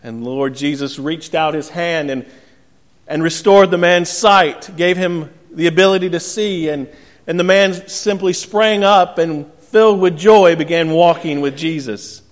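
A pastor giving an earnest sermon, telling a gentle joke along the way. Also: male voice, fairly high pitch, a little slow. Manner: earnest preaching with gentle storytelling humor. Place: church sanctuary. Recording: long church reverb.

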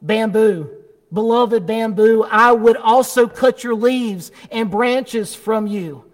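A grave, loving master of the garden, put on by a preacher, speaks in a measured, unhurried way. His voice is fairly high, and a long church reverb trails every word.

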